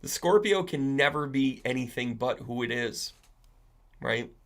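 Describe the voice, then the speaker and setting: A man's voice: mid-range voice, lively intonation, a little slow, a bit bright. A man hosting an astrology live stream, chatting in a rambling way, answering viewers' comments and often asking "right?". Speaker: astrology and tarot reader, live-stream host. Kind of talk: casual live-stream chat.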